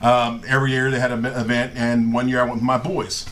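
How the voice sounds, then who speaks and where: A middle-aged man telling comic stories on a live show, animated and profane, often breaking into laughter. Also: mid-range voice, fairly quick, background noise. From Southern California. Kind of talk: casual comedic storytelling. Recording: live stream with faint ambience.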